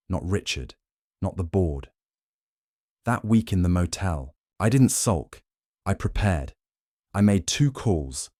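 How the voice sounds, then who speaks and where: A young man narrating his own dramatic story in the first person, brooding and measured, with a vengeful edge. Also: low-pitched, dark tone, no echo, studio quality.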